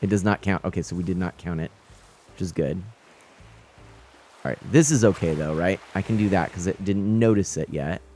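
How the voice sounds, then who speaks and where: A man with a somewhat low voice gives live commentary on a fishing game. He talks casually to his viewers, reading their messages and laughing often. Faint game music plays behind him. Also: moderate pace, long pauses. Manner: chatty, reads out chat and greets viewers, nervous excited laughs. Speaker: game streamer.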